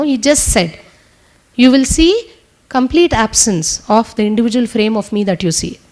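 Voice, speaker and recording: Fast-talking woman teaching. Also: fairly high pitch, a little mellow. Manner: talks fast; earnest, testimonial. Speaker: spiritual teacher. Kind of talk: teaching a group session. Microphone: speaking to a room with translators.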